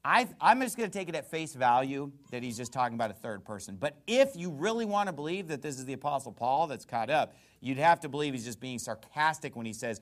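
A man's voice: mid-range voice, big pitch swings, fairly quick, few pauses. A man preaching a sermon in a conversational, emphatic way, asking rhetorical questions.

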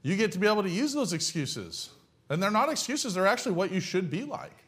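A man's voice: high voice, sing-song, fairly quick, a bit bright. A man preaching a sermon in a blunt, folksy way, firing off rhetorical questions. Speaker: pastor.

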